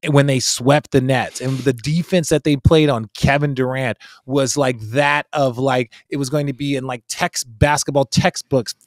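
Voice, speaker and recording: A man's voice: medium pitch, fairly even intonation, normal speed, few pauses, no room sound, studio quality. A man in his forties, a guest analyst in a casual podcast chat, talking emphatically and swearing freely.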